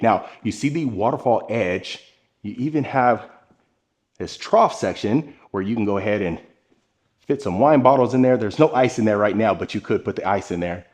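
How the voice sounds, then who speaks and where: A man's voice: on the low side, darkish tone. A man giving an enthusiastic walkthrough tour of a house, talking straight to his viewers while walking the rooms with a handheld camera. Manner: enthusiastic, addresses viewers directly. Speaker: home tour vlogger. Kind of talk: walkthrough home tour narration. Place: inside a large furnished house.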